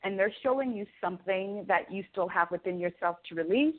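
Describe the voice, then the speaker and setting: A woman's voice: medium pitch, brisk. Woman on a tinny call line. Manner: earnest, preaching, animated storytelling. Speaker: guest, spiritual teacher. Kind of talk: conversational interview. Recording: phone-like remote call audio.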